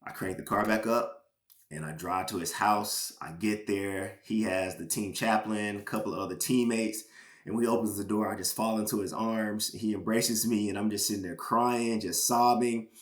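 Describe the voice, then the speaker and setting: A man from Georgia, a former pro football player, sharing a personal testimony as a podcast guest with earnest, halting emotional storytelling. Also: lowish voice, steady tone, echoey room. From Georgia, USA.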